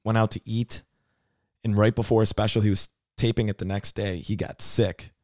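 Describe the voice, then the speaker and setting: A man's voice: on the low side, little pitch movement, normal speed, darkish tone, no room sound, studio quality. A man hosting a podcast in casual chat, loose and laughing as he retells anecdotes with voices. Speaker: podcast host.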